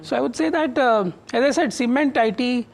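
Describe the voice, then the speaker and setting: A man's voice: very high-pitched, fairly quick, vocal fry. An Indian-accented man, a fund manager in a studio TV interview, talking with many fillers and restarts. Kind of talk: live market TV interview.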